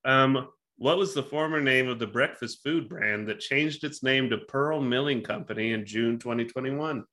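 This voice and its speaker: Bright-voiced man quizzing his co-host. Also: mid-range voice, moderate pace. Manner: joking, offhand, swears freely. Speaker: podcast co-host running a trivia game. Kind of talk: casual chat.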